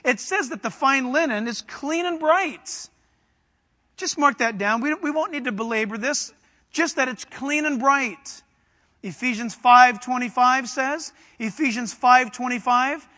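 High, bright-voiced preacher in a reverberant hall. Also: male voice, unhurried. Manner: fervent, builds to shouting; addresses congregation directly with questions. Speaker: pastor. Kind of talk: sermon.

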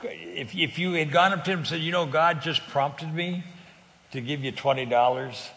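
This guest speaker on faith sharing, an older man from California, gives a conversational testimony in an earnest tone, laughing readily and often repeating words. He speaks at normal speed in a fairly high, slightly bright voice with a long reverb tail.

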